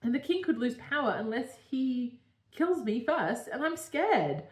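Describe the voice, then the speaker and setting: A frightened young woman caught up in a royal intrigue she fears will get her killed, read aloud by a woman who wrote her, babbling breathlessly through her tears. Her voice is pitched up high, and the sound echoes around a room. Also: big pitch swings, a little slow, darkish tone. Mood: scared, tearful. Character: frightened young woman, a queen's hidden bastard.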